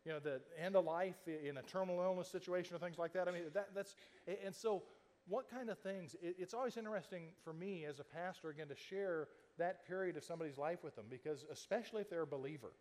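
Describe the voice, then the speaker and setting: A male pastor mid-sermon tells the story in a relaxed, conversational way, speaking fast and slipping into the voices of people he quotes. His voice is a bit high for a man, he restarts often, and the long reverb of a large church hall rings around him.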